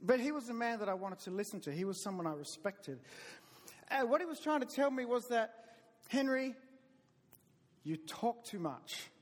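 A middle-aged man with a Southern US drawl preaches from the pulpit in a fairly high voice, telling folksy stories about himself. He stumbles and restarts now and then, and his words ring out with a long reverb in a church sanctuary. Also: animated, fairly quick. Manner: folksy, self-deprecating storytelling with hesitant restarts. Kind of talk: sermon.

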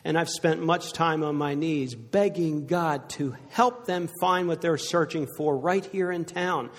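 An older man preaching a sermon to a congregation, telling stories earnestly and growing hushed at the sad parts. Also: a little high, measured pace. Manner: earnest storytelling, dropping to a hushed voice for sad points. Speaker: pastor. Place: church sanctuary before a congregation. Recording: echoey hall reverb.

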